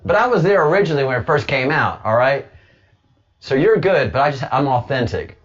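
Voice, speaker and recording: A man's voice: mid-range voice, lively intonation, brisk. A man hosting a radio show, joking and laughing with his co-host. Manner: jokey, laughing, boastful. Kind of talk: casual on-air banter. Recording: dull lo-fi audio.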